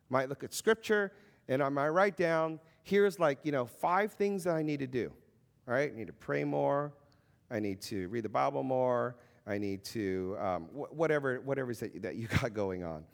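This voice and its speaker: Thirties male Christian speaker, casual and animated, swings pitch widely, lots of fillers. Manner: animated, conversational, with many fillers and acted-out quotes. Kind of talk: informal faith talk.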